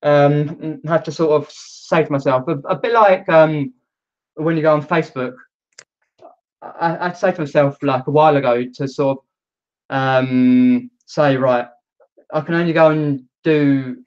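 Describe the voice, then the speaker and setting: A man's voice: on the high side, steady tone, unhurried. A man hosting a casual live stream, talking hesitantly with many ums and restarts and reading viewer comments aloud. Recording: dull lo-fi stream audio.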